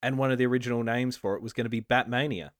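A man's voice: mid-range voice, fairly even intonation, rapid-fire, no room sound, clean studio sound. A man co-hosting a podcast, chatting casually and rattling off film trivia with the odd swear word. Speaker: podcast co-host. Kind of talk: casual chat.

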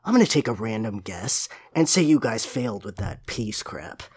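A podcaster doing a gruff brooding hedgehog. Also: sing-song, normal speed. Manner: low, hushed and gruff. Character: brooding edgy male cartoon hedgehog antihero. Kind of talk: comic dramatic reading of a fan comic.

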